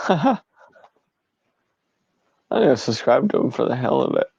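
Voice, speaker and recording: A man's voice: mid-range voice, sing-song, unhurried, vocal fry, darkish tone, slightly rough, dry recording, dull audio. A man joining a livestream as a guest, laid-back and chuckling along. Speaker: guest streamer. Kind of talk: casual chat.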